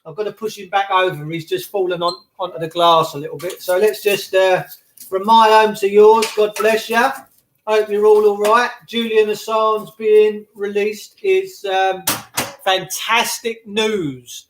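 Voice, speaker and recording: A middle-aged man vlogs casually from home beside a log burner, greeting viewers and ranting with passion in a chatty livestream. His voice is high-pitched with fairly even intonation and a measured pace. There's a little hiss or hum.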